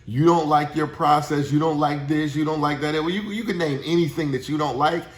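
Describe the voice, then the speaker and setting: A man's voice: a little high, fairly even intonation, fairly quick, reverberant. A man giving a casual motivational talk as a sales trainer, chatty and full of tag questions. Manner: chatty, uses tag questions and frequent restarts.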